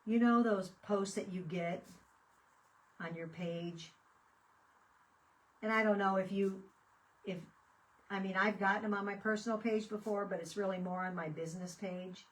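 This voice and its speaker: A woman hosts a casual craft video, chatting and telling stories as she works. Her voice sits at a middling pitch and is caught from a bit away from the mic, in an easygoing, talkative manner. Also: fairly even intonation, moderate pace, pauses often, far from the mic, low-quality recording. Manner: chatty, storytelling, laughing fits. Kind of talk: casual chat while crafting.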